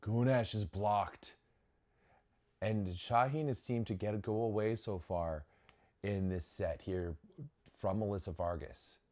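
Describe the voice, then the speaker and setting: A young man hosting a volleyball watch-along, giving casual live commentary with sudden excited exclamations and frequent restarts. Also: fairly low pitch, slow.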